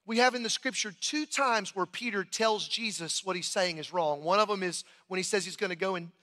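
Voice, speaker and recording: A man's voice: high voice, fairly quick, bright, forceful tone, big-room sound. A male pastor preaching an Easter sermon in a conversational, storytelling way, often restarting his phrases. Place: large church auditorium.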